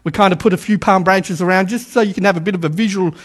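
High-pitched preacher, animated. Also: male voice, quick pace. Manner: animated, calls on congregation to repeat lines; stammers restarts, repeats words for emphasis. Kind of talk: sermon. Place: church service with a live congregation.

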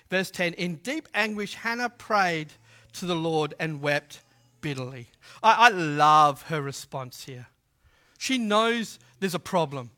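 A man preaching a sermon in a humorous, conversational way, swinging from loud to hushed. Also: high-pitched. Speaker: pastor.

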